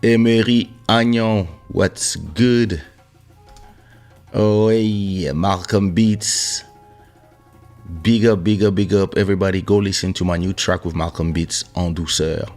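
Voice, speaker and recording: Male podcast host, very deep voice, hoarse, unhurried, live-stream chat, faint music underneath. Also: steady tone. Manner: greets viewers by name, warm shout-outs. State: hoarse from losing his voice. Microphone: studio microphone.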